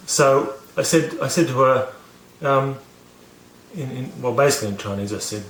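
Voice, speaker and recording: A man's voice: medium pitch, slow pace, long pauses, a bit bright, echoey room, slight background noise. A man casually telling a story to camera, rambling with many fillers and restarts, poking fun at himself. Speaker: vlogger teaching about learning.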